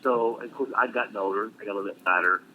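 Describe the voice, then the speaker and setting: A middle-aged military veteran telling a story casually, blunt and profane with dark humor. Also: male voice, lowish voice, racing. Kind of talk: casual storytelling on a live stream. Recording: tinny phone-like line with faint noise.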